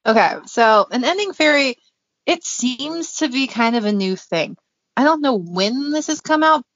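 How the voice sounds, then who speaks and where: A woman's voice: sits high, animated, normal speed, fairly bright tone, no room sound, highs cut off. A woman co-hosting a podcast in a casual, chatty way, giggling often and using many fillers. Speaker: podcast co-host. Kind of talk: casual chat.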